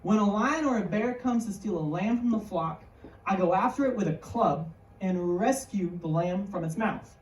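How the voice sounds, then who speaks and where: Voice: mid-range voice, normal speed, close to an everyday voice. A woman doing a cocky young shepherd hero. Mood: determined. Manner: casual, slangy, confident. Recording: roomy hall, mic far off.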